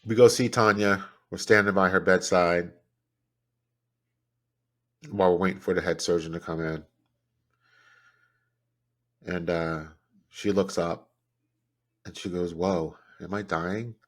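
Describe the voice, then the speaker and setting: Deep-voiced grieving man telling his story. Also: steady tone. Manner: halting, grief-stricken, with many restarts. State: grieving, close to tears. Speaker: podcast host. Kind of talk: personal storytelling monologue.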